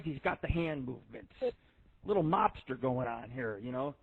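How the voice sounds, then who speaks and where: Profane rambling radio host, tinny line. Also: male voice, a little high, brisk, husky, no echo. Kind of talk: casual rambling radio monologue.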